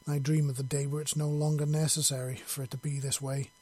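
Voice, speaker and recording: A man voicing a huge, gentle female alien queen who is a proud mother, in a storybook reading. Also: fairly high pitch, flat delivery, fast, slightly rough. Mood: earnest. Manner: proud, earnest.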